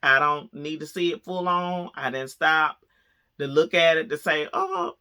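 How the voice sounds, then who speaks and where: A woman vlogger telling a story to camera, chatty and animated, laughing as she goes. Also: low-pitched, normal speed, smooth.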